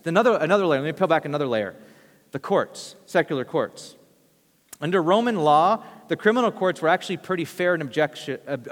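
Conversational pastor in a reverberant hall. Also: male voice, on the high side. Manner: conversational, storytelling, acts out quotes. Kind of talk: sermon.

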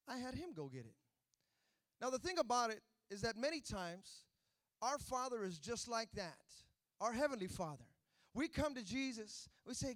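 High-voiced guy preaching, tells a story then gets loud and emphatic, dry sound. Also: expressive, brisk, no echo. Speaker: pastor. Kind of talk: sermon.

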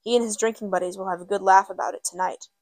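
A weary middle-aged aunt, shaken and grieving, voiced by a woman narrator. The sound is dry and close, with a mid-range pitch. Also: fairly even intonation, fast talker, dry recording, close to an everyday voice. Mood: distressed.

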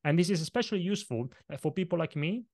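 A man's voice: fairly high pitch, racing, no room sound, studio quality. Emphatic non-native man coaching on presenting. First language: not English. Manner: energetic, varied emphasis, punches and stretches words. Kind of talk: podcast interview, explaining tips.

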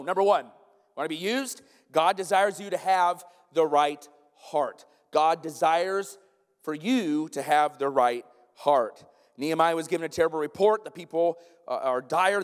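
Male pastor, sermon, emphatic and conversational, slightly high voice, long church reverb. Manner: animated, emphatic, conversational with frequent asides to the congregation. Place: church sanctuary.

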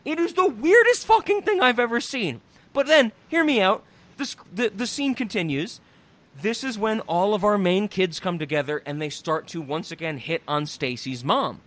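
A young man on a podcast, recapping a movie in casual comedic chat, swearing, laughing and acting out the characters. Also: high voice. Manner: animated, profane, laughing, acts out characters in quick voices. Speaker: podcast host reviewing a movie.

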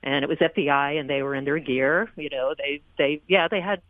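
A woman's voice: low voice, fairly even intonation, brisk, no echo. A woman calling in to a radio show, hesitant, with nervous laughs. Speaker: caller. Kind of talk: phone call to a radio show. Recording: tinny phone line.

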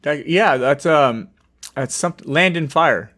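A man co-hosting a podcast in casual chat, excitable and laughing often, swearing a lot. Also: on the high side, a little slow. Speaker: podcast co-host.

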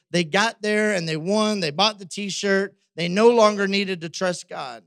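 Brief: male pastor, conversational sermon, higher voice, dry close sound. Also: a bit bright, no room sound. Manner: conversational, frequent tag questions.

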